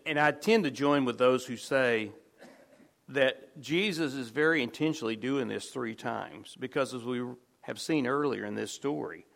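A man with a gravelly, creaky voice delivers a conversational sermon at a middle pitch. He restarts phrases often and sinks into hushed low tones to stress key words. He sounds like a pastor talking straight to his congregation.

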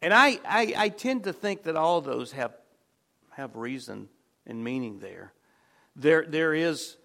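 A man preaching a sermon in a conversational way, restarting phrases often and dropping to soft, low tones on key words. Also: vocal fry. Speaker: pastor.

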